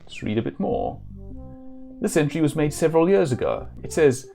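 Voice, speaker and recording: A man streaming a retro game, reading its text aloud with relaxed, wry asides and frequent self-corrections. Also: fairly high pitch, moderate pace, vocal fry, faint music behind.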